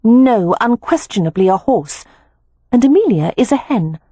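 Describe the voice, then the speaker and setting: Lady narrator doing a sweet earnest young animal-loving girl, lifted up voice, mellow and breathy. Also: on the high side, very animated, moderate pace, no echo, pitched above the performer's own voice. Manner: earnest, gentle and matter-of-fact. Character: earnest young woman who loves animals.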